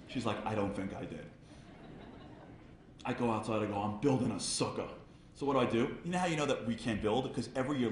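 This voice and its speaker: A man holds a crowd with a funny, story-driven talk and acts out both sides of each conversation in quick back-and-forth. His voice sits in a middle range and carries the echo of a large room, with a faint murmur underneath. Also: mid-range voice, a bit bright, slight background noise. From United States. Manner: storytelling with jokes, acting out dialogue. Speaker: speaker at a charity event. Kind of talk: humorous talk turning to a Torah lesson. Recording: echoey room with faint ambience.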